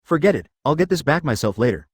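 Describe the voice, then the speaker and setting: A man's voice: fairly high pitch, big pitch swings, fast, husky, dry recording. Hot-headed blunt young male ninja voiced by a synthetic man, dry audiobook read. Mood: angry.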